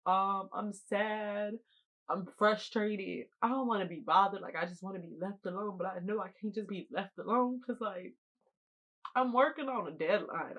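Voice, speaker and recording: In a mid-range voice over poor audio, a woman in her twenties recounts a college story for viewers. Her storytime monologue is animated, emphatic and full of slang.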